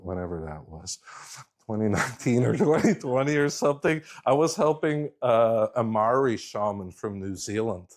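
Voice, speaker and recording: A man's voice: on the low side, darkish tone. A middle-aged man telling a story in a casual, rambling way, often restarting his sentences. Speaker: guest speaker.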